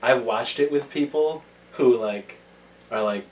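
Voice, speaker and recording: A man's voice: medium pitch, measured pace. Laid-back man host, distant mic. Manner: laid-back, swears casually, laughs often. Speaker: podcast host. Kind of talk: casual chat. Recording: distant mic with faint room noise.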